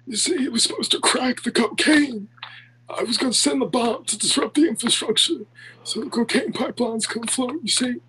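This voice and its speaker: A rambling old politician with a strained, raspy voice, as a man puts it on for laughs. He halts and loses his thread often, pitched very high and shaky. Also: sharp tone, a little hiss or hum. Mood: conspiratorial. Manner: halting, trails off mid-sentence. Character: aging male politician, raspy, rambling about crimes.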